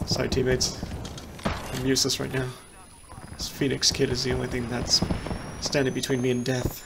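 A man giving excitable, panicky live commentary on his own gameplay, muttering to himself between outbursts. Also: medium pitch, moderate pace, gravelly, long pauses, noisy background. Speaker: gameplay streamer. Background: loud gunfire from the game.

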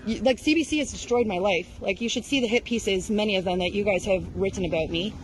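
A woman in her thirties confronting a news crew outdoors at a protest, accusing them with rapid rhetorical questions. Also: mid-range voice, a little hiss or hum, poor audio. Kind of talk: heated street confrontation.

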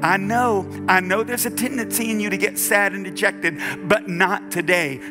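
Man, high voice, unhurried delivery, pastor's sermon, keyboard playing behind, live church service. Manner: preaching, rising to shouts and half-singing. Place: church sanctuary with keyboard accompaniment. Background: keyboard music.

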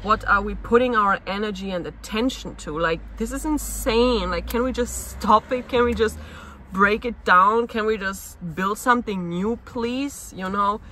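A woman's voice: mid-range voice, a little slow, bright, forceful tone, slight background noise, rough recording. A woman talking in a personal confessional vlog, restless and searching, asking herself one question after another. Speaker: actress and vlogger.

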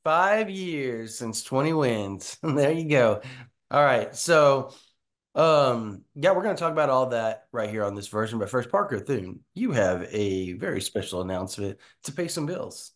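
A man's voice: mid-range voice, expressive, measured pace. A man hosting a sports podcast in an upbeat, chatty way. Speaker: podcast host. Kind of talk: casual sports podcast chat.

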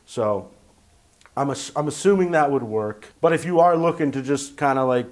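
A man's voice: medium pitch, normal speed. Man, vlogger, casual chat to camera, rambling, jokey, mid-range voice. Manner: rambling and jokey, many fillers and restarts. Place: tiny house.

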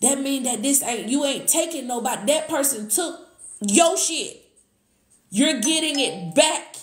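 A woman doing a live tarot reading, excitable, gasping and thanking viewers as she goes. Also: high voice, measured pace. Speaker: tarot reader. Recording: echoey room.

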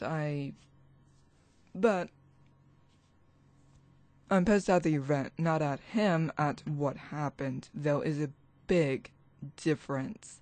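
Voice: mid-range voice, fairly even intonation, slow, long pauses, a little mellow, dry recording. A spiritual vlogger ranting alone into a computer mic, agitated and rambling, restarting sentences and swearing. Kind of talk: ranting vlog monologue.

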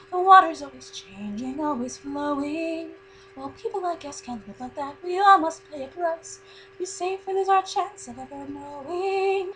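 A woman voicing a dreamy, free-spirited young cartoon heroine, soft-spoken and singing. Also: very high-pitched, heavily acted, rough recording.

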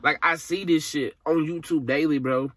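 A man's voice: fairly high pitch, fairly even intonation, moderate pace, a bit bright, dry recording. Tearful young man venting. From Alabama, USA. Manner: frustrated, rambling, profane, slangy. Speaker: vlogger. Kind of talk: emotional vent to camera.

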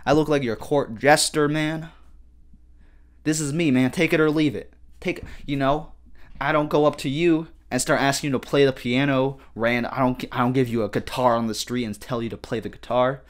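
A man's voice: mid-range voice, steady tone, normal speed. A young man hosting a podcast, ranting in a casual, slangy, profane way and telling a story, with "dog" and "bruh" at the ends of many sentences. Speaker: podcast host. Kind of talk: casual solo podcast rant. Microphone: podcast microphone.

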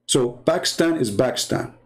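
A man's voice: medium pitch, expressive, moderate pace. A man from the Middle East with an Arabic accent and broken English grammar, ranting in a sarcastic, mocking monologue. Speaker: religious debate commentator.

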